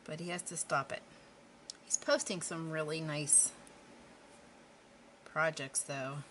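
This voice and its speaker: Low-voiced chatty woman. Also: fairly even intonation, takes it slowly, fairly bright tone, slight background noise. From Western Pennsylvania. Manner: chatty, rambling, self-deprecating asides. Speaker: craft vlogger. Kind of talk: casual chat while painting.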